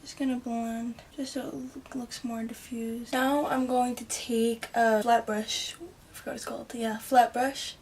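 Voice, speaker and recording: Chatty woman vlogger, bright higher voice. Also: level tone, a little slow, a little hiss or hum. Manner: chatty and rambling, with soft muttered asides. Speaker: beauty vlogger. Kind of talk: casual makeup tutorial.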